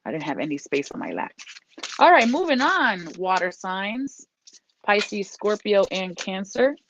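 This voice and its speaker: A woman's voice: medium pitch, big pitch swings, a little slow, background noise. A woman giving a casual tarot reading. She is encouraging and repeats herself, and now and then she breaks off to scold her dog. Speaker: tarot reader. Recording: dull lo-fi dry recording.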